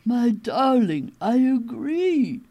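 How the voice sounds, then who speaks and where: A woman voicing a bossy, insistent female kangaroo, speaking high and emphatic in a scolding tone. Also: very animated, slow pace, mellow, heavily acted.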